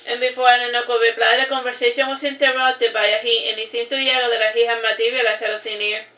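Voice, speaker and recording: A woman's voice: a little high, flat delivery, fast talker, pushed and bright, roomy sound, lo-fi sound. A woman reading her own novel aloud in a casual way, breaking off with chatty asides and restarting lines. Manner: loose, with restarts and chatty side remarks.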